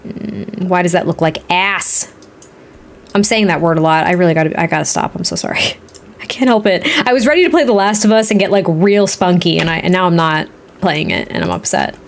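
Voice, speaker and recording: A woman's voice: fairly low pitch, lively intonation, a little fast, vocal fry, slight background noise. Chatty woman with a Boston accent. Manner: chatty, frank, thinks out loud. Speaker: Sims builder streamer. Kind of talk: casual gaming commentary while building.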